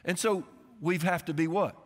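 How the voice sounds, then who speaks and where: High-voiced preacher in an echoey church. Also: male voice, normal speed. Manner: storytelling preacher, builds to shouts. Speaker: guest pastor. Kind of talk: sermon. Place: church sanctuary.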